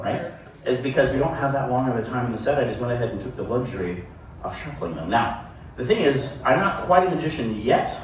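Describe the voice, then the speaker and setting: A man running a sideshow act in a live venue, cracking self-deprecating jokes at a volunteer as he works. His voice sits a little back from the mic and rings around a very echoey room. A steady noise hangs behind him. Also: mid-range voice, distant mic. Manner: joking, self-deprecating, rambling patter. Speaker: sideshow performer. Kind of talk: live stage patter with a volunteer. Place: live show venue with audience.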